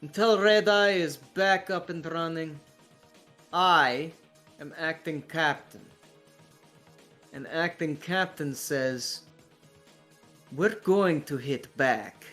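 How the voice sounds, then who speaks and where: A game master voicing a big, tough male Russian gang enforcer who talks in a gruff, menacing, profane way. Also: mid-range voice, takes it slowly, long pauses, fairly bright tone, faint music behind.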